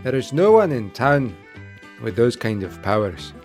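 Tough tavern owner woman, voiced by a man, put-on Scottish accent, gruff, wry, tabletop game, faint music behind. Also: medium pitch, very animated, unhurried, a little mellow. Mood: wary.

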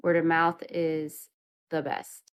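A woman's voice: low-pitched, level tone, takes it slowly, smooth, dull audio. A woman co-hosting a podcast, chatting casually and reading the show's sign-off. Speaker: podcast co-host. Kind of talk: casual chat.

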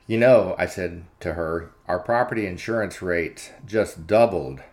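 A man's voice: low voice, a little slow, a little mellow. A man hosting his own channel, telling a story in a chatty, unscripted monologue full of fillers and "I said" retellings. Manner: chatty, frequent filler words, retells dialogue with "I said". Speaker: commentary channel host.

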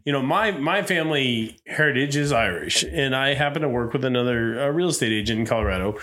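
A man from a small town in the United States, hosting a casual podcast chat; blunt and animated, swearing freely as he tells stories. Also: mid-range voice, a little fast.

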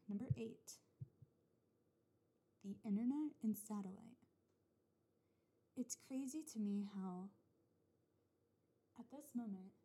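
Young woman, solo podcast host, rambling and swearing, restarts constantly, voice a touch high. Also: dark tone, slightly rough. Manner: rambling, swears often, many restarts and fillers. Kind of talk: casual solo podcast rant.

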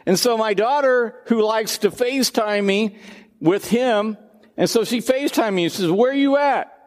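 High-voiced older male pastor preaching. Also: normal speed, big-room sound. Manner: conversational, animated delivery with asides. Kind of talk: sermon.

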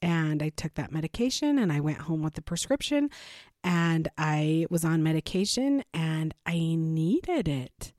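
Candid chatty woman, low voice. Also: big pitch swings, a little slow, a little mellow, no room sound, studio quality. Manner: candid, chatty, acts out conversations. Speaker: parent vlogger. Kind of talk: casual personal storytelling.

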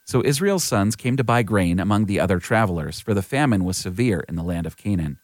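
A man with a fairly low voice reads scripture aloud in a measured, even way. He is close to the mic. The sound is dry, with no room echo. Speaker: scripture reader. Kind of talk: scripture reading.

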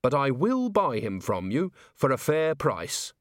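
Earnest young cop guy, man doing the voice, polite, very proper, lively lilt, dry close audiobook sound. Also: medium pitch, a little slow, no room sound. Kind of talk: audiobook character voice.

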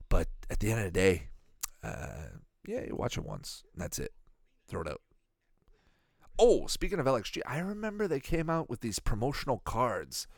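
A man's voice: mid-range voice, wildly swooping pitch, moderate pace, dry recording, clean studio sound. A man in his thirties giving rambling, profane, joking commentary while watching a cartoon. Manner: rambling, profane, jokey asides. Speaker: reaction video host.

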